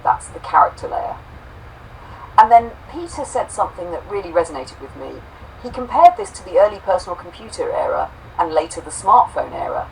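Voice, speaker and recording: A woman co-host reading a homespun robot story aloud, saying the quote marks out loud, then reflecting warmly on it. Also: on the low side, big pitch swings, brisk, vocal fry, distant mic, slight background noise, low-quality recording. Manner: warm, affectionate, reads quote marks aloud.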